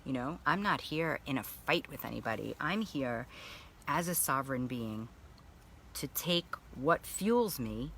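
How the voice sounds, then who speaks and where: A woman coaching on a live video while sitting in a baby pool, talking candidly and with plenty of swearing about feelings and energy, and pausing to greet viewers by name. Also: low-pitched, fairly bright tone, a little hiss or hum. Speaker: spiritual coach.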